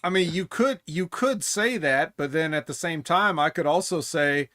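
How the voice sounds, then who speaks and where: A man's voice: a little high, moderate pace, a bit bright, no echo, clean studio sound. A man co-hosting a casual wrestling podcast, blunt and opinionated, swearing freely as he recaps matches. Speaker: podcast co-host.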